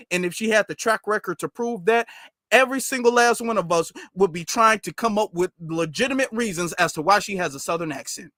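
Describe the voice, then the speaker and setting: A man hosting casual commentary in an animated, slangy, mocking way. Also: high-pitched, a little fast, dry recording, clean studio sound. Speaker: commentary channel host.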